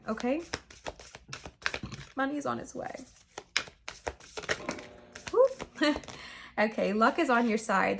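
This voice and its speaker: A woman's voice: fairly high pitch, slight background noise. A young woman giving a casual tarot reading to camera. She talks in an emphatic, reassuring, slangy way and addresses viewers as friends. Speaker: tarot reader.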